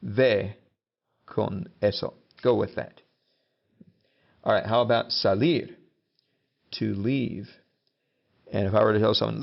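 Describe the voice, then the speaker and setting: A man's voice: on the low side, fairly even intonation, slow pace, creaky, pauses often, lo-fi sound. A male teacher giving a casual, joking lesson, acting out example commands as he goes.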